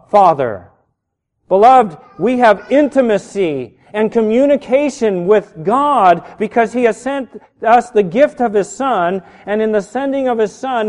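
A middle-aged man pastor preaching a sermon, animated and building to shouts on key words. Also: high-pitched. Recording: reverberant hall.

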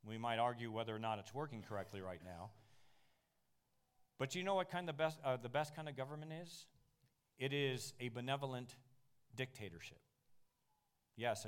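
A man teaching a Bible class in an animated sermon style, slowing down on key phrases and making asides to the room. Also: mid-range voice, clean tone.

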